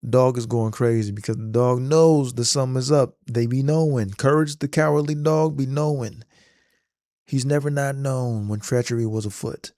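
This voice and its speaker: A man casually retelling a movie scene in an animated, slangy storytelling manner. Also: medium pitch, moderate pace, dry recording, clean studio sound. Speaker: vlogger.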